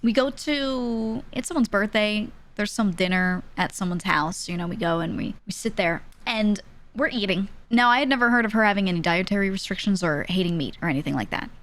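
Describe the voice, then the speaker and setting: A woman's voice: mid-range voice, fairly quick. Chatty young woman telling a story. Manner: animated, laughs often, acts out the people she quotes. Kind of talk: casual storytelling.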